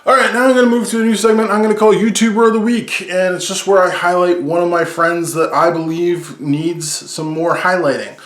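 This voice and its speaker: A man's voice: high voice, fairly even intonation, brisk, hardly any pauses, a bit bright. A man hosting a movie podcast in a casual, rambling, upbeat way, often correcting himself mid-sentence. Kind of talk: casual solo chat. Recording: echoey room.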